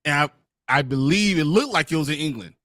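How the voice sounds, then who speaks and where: A man co-hosting a casual live movie review show, talking in an exasperated, animated way. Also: on the high side, fast talker, no echo, clean studio sound. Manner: animated, exasperated, swears and laughs often. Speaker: podcast co-host.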